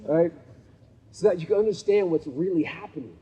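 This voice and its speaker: A man with a high, husky voice speaks fairly quickly, telling stories to a live audience at a men's gathering in an event venue. Conversational in manner, he often checks in with "right?" and acts out the people involved. The recording has long hall reverb and cut-off highs.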